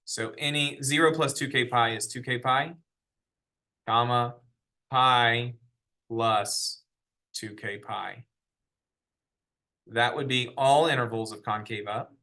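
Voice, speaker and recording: A man's voice: mid-range voice, slow, pauses often, bright, forceful tone. A man teaching a math lesson in a classroom, explaining step by step and asking the class questions. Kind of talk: classroom lecture.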